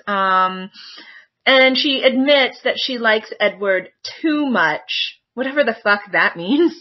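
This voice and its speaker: A woman co-hosting a casual podcast, with a voice pitched a little high. She reacts quickly and swears freely. The sound is muffled and lo-fi. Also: expressive. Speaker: podcast co-host. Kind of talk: casual chat.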